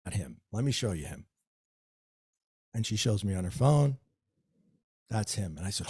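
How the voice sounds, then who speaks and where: A man, an author guest, telling a personal story in an interview with lively, acted-out dialogue. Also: on the low side, a little slow, long pauses, husky. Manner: animated storyteller, acts out dialogue.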